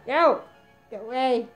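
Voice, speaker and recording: A woman doing a comic sketch rant, exasperated and yelling "no" over and over. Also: sits high. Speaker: comedy video maker.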